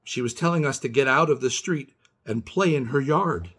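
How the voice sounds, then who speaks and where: Storybook role: young boy, wary, hushed at times, read by a man, husky edge. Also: medium pitch, moderate pace.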